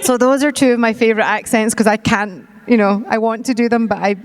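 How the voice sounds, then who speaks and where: A woman's voice: on the high side, fairly even intonation, fast, long reverb tail. A middle-aged woman with a Scottish accent, chatting casually as a guest at a convention panel, self-deprecating and laughing often. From Scotland. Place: convention hall stage.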